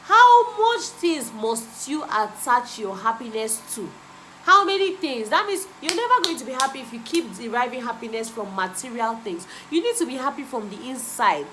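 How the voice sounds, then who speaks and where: A young woman talks straight to camera in a bright, somewhat high voice. She preaches self-help in an emphatic way and says each point again and again to drive it home. A faint hum of ambience sits behind her. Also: sing-song, normal speed, low-quality recording. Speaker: vlogger. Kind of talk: motivational self-help talk.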